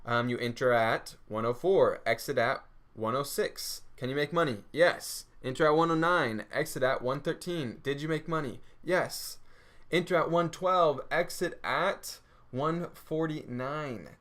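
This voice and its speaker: A man's voice: a little high, unhurried, a bit bright. A man with a Texas accent presenting a screen-share trading tutorial, upbeat and asking himself rhetorical questions he answers right away.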